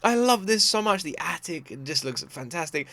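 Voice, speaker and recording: Gushing man with a lively voice. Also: fairly high pitch, normal speed, no echo. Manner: gushing, animated, stumbles over words. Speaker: reaction video host. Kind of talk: excited casual reaction commentary. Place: room at home by a sunny window.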